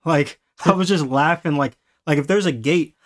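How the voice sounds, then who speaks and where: Animated young man telling a story. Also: a little high, normal speed. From Los Angeles. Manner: animated, laughing, acting out quoted voices. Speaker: podcast host. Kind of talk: casual storytelling.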